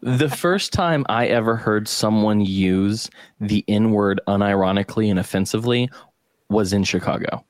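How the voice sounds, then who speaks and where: A man's voice: on the low side, moderate pace, no room sound, studio quality. A man hosting a podcast, telling rambling stories with plenty of swearing in casual chat. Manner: rambling, profane storytelling. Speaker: podcast host.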